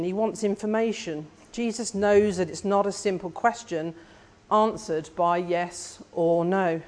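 A preacher delivering a sermon in a measured, reflective way, often putting questions to the listeners. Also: mid-range voice.

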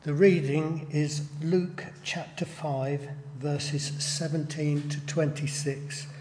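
A man reading a Bible passage aloud in church, deliberate and steady. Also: fairly high pitch, slight background noise. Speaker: scripture reader.

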